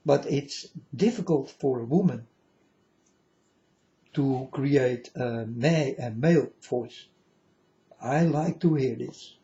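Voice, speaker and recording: A man with a mellow, mid-range voice takes things slowly, leaving long pauses, in a muffled recording. He preaches to his viewers in non-standard English, rambling, repeating himself and calling them folks.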